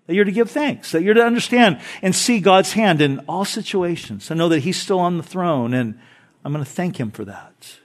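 A middle-aged pastor with a fairly high voice delivers a sermon from the pulpit. He moves between reading scripture and telling light, joking stories, keeping the congregation engaged. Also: normal speed. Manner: animated storytelling with jokes and scripture reading.

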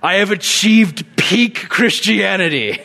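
A man's voice: high voice, expressive, slow pace, gravelly, sharp tone, voice pushed up, heavily acted. A man doing an impression of a boastful, self-satisfied male preacher, proclaiming pompously.

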